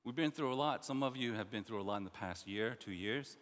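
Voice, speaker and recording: A man preaching a sermon as pastor, emphatic and repetitive, swinging between loud stresses and quiet asides. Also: lowish voice, fairly quick, long reverb tail.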